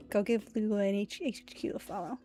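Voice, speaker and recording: A woman's voice: medium pitch, dark tone. A woman streamer chatting casually while she plays a game, reading lines aloud and laughing often. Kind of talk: casual gaming stream chat.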